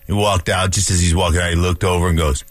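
A man's voice: low-pitched, flat delivery, fast. A man co-hosting a sports talk radio show, making wry, sarcastic asides in casual banter. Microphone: studio microphone.

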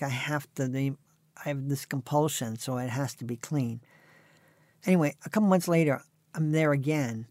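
A man's voice: medium pitch, darkish tone, no echo. Man, sixties, interview guest, wry anecdotes, dry close sound. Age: 60s. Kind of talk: conversational storytelling.

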